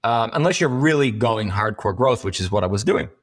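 With lively intonation and a slightly fast pace, a medium-pitched man appears as an entrepreneur guest in a candid, conversational interview. His talk is frank and meandering, full of curses and frequent restarts.

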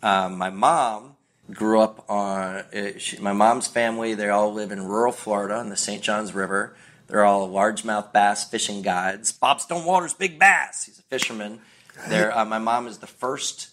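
A man's voice: lowish voice, fairly bright tone. A middle-aged American man, a podcast guest, rambling through anecdotes and acting out voices as he tells them. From United States. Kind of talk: casual podcast chat.

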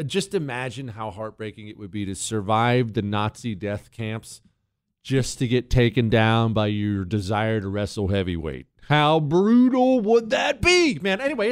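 A man's voice: medium pitch, big pitch swings, normal speed. A man hosting a call-in radio talk show, brash and joking as he talks.

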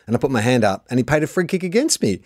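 A man's voice: mid-range voice, big pitch swings, very fast, dry recording, studio quality. An Australian man in his forties hosting a casual sports podcast, telling stories animatedly and laughing often. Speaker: podcast host.

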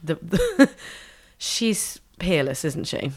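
Woman from England, casual podcast chat, lively swooping pitch, swears, mimics singers. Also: slow, slightly rough. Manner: animated, swears, mimics singers mid-sentence. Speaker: podcast co-host.

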